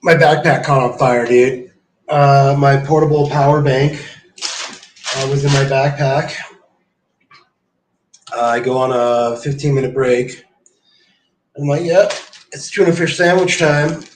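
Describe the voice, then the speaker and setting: A man's voice: medium pitch, little pitch movement, a little slow, long pauses, slight background noise. A man streaming live, chatting casually and telling stories in a rambling, profane way. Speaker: livestreamer. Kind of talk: casual livestream chat. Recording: echoey room.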